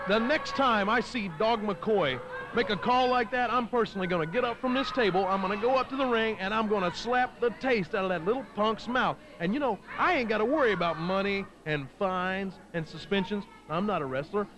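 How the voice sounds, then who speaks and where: A man's voice: sits high, brisk, noisy background. A man doing brash, taunting color commentary for a wrestling show, boasting and mocking the wrestlers.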